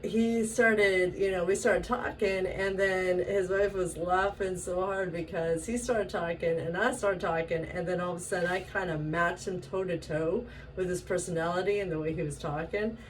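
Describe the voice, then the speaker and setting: Chatty, lower-pitched woman vlogger. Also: moderate pace, hardly any pauses. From Washington state. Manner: chatty, animated, laughs often, acts out quoted voices. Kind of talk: casual storytelling. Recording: distant mic with faint ambient noise.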